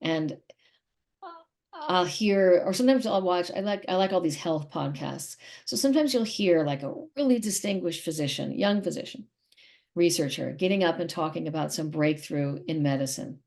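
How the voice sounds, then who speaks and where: Emphatic, animated actress guest. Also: female voice, fairly low pitch, normal speed, creaky. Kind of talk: casual interview chat.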